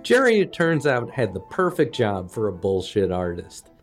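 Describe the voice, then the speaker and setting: Wry, animated comic storyteller man. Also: lowish voice, normal speed, music in the background. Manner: wry, self-deprecating. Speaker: comedian storyteller. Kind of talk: comedic storytelling monologue.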